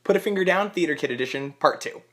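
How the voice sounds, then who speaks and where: A man telling a theatre story to camera, animated and acting out the quotes. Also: fairly high pitch, fast talker.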